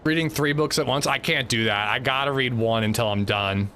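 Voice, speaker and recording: A man's voice: medium pitch, a little fast, sharp tone, slight background noise. A man livestreaming a game, chatting casually and rambling while he reads chat aloud.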